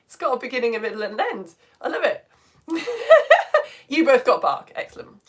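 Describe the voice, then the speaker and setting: A woman's voice: fairly high pitch, big pitch swings, a little fast. Bubbly woman teacher. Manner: bubbly and exclamatory, gasping with delight. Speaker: teacher hosting a live online lesson. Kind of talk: live-streamed lesson, reading viewer comments aloud.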